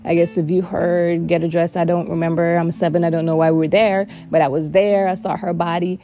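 A woman's voice: fairly low pitch, level tone, fairly quick, few pauses, warm tone. A woman telling a personal story candidly and emotionally, often repeating words for emphasis.

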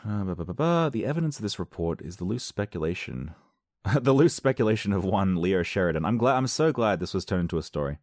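A man's voice: low voice, very animated, fast talker, a little mellow, dry recording, studio quality. A man reading strange news articles aloud and reacting with sarcastic, rambling asides. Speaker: video host.

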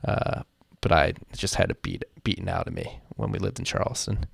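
A man from Philadelphia co-hosting a podcast, talking through the news in a relaxed, rambling way and swearing casually over a remote call. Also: low voice, moderate pace, gravelly, breathy edge, no echo, studio quality. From Philadelphia, USA. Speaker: podcast co-host.

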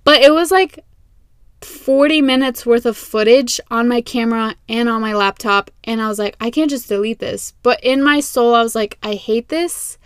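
A young woman hosting a casual faith podcast from her closet, chatty and animated, repeating herself and laughing at herself. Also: on the high side, normal speed, clear, resonant tone, no echo, studio quality. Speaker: podcast host. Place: small closet. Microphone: close podcast mic.

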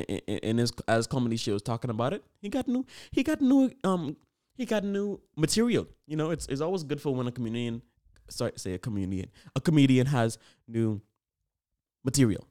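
A man hosting a casual solo podcast, rambling and animated with lots of fillers, hyping things up. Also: mid-range voice, clean tone. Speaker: podcast host.

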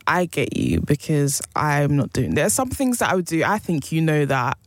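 A woman's voice: deep voice, sing-song, moderate pace, no room sound. A young woman, chatting casually as a podcast co-host, trailing off mid-sentence and laughing often. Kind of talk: casual chat.

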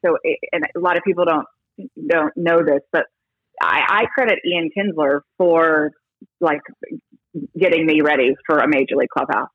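Woman telling stories fast and loose, lots of restarts, kinda muffled dull audio. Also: deep voice, no echo. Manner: animated, chatty storyteller with many restarts. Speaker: baseball broadcast reporter, interview guest. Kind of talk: casual interview talk.

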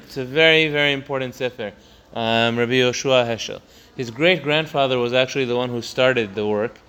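In a text study lesson, a man who teaches Torah moves through the religious passage line by line at a slightly quick pace, his voice smooth and fairly bright. He keeps breaking off to begin phrases again, and he lifts his pitch and volume to underline important points.

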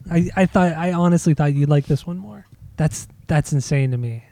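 A man's voice: on the high side, normal speed, creaky, warm tone, no echo. A man co-hosting a casual music discussion, insistent and restarting his sentences often. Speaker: podcast co-host.

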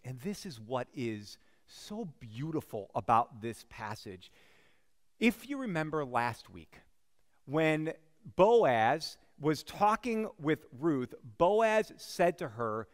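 A man's voice: mid-range voice, sing-song, slow, in a large hall. A man preaching a sermon as a pastor, telling the story in a conversational way with frequent asides to the congregation.

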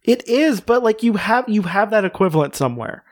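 A man's voice: high-pitched, animated, brisk, no echo. A man hosting a podcast, chatting casually and jokingly with lots of fillers. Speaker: podcast host. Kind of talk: casual chat.

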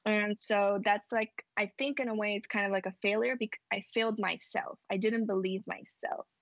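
A woman's voice: mid-range voice, fairly even intonation, moderate pace, no room sound. A woman entrepreneur talking casually as a podcast guest, rambling and reflective, often acting out her own past thoughts.

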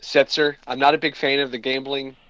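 A man's voice: mid-range voice, level tone, a little fast, bright, forceful tone, clear, resonant tone, no room sound, muffled recording. A man co-hosting a casual chat, complaining emphatically and repeating his points. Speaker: podcast co-host.

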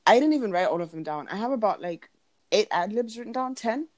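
A young woman chatting casually as a podcast co-host, laughing often and full of fillers. Her pitch sits in the middle of the range. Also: fast talker. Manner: giggly, animated, lots of fillers, acts out quotes in a high voice. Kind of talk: casual chat.

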